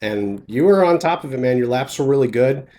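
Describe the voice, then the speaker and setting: Male host, mid-pitched, relaxed technical explainer, casual talk. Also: fairly quick. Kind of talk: casual conversation.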